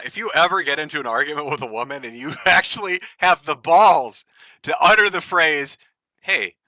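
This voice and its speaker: A man's voice: medium pitch, bright, forceful tone, no room sound, poor audio. A man commenting on a clip during a live stream, crude and sarcastic, laughing as he mocks the people in it.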